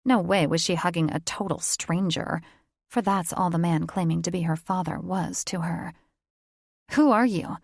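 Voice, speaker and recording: A woman narrating a fantasy romance audiobook in a measured, even storytelling manner. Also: fairly low pitch, vocal fry, dry recording, clean studio sound. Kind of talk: scripted narration.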